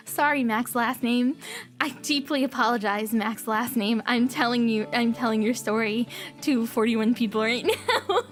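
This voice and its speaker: A woman's voice: fairly high pitch, a little slow, soft background music. A young woman livestreaming, chatting casually with her viewers, giggling a lot and repeating her own phrases.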